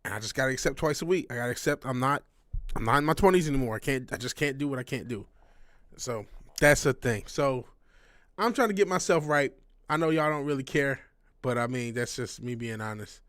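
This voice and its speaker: A man's voice: medium pitch, animated, fairly quick, a bit bright, dry recording, studio quality. A man in his thirties talking casually to a livestream audience, rambling and frank, swearing often and restarting his sentences. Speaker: livestream host.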